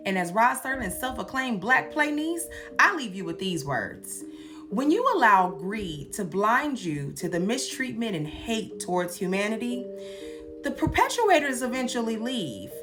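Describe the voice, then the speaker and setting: A woman's voice: mid-range voice, measured pace. A young woman giving a sassy, comedic recap commentary, acting out the characters' lines in different voices. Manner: sassy, animated, acts out quotes in voices. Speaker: commentary host. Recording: music playing underneath.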